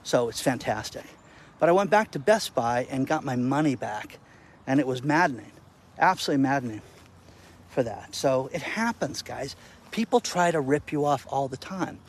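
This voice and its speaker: A male content creator telling stories to camera outdoors in the wind, animated and exasperated. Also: mid-range voice, normal speed. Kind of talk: casual vlog rant.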